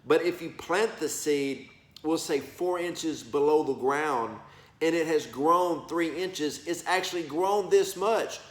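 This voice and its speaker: A man's voice: a little high, takes it slowly, reverberant. A man preaching prophetic words in a folksy, emphatic way, calling listeners y'all and baby. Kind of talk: animated preaching to camera.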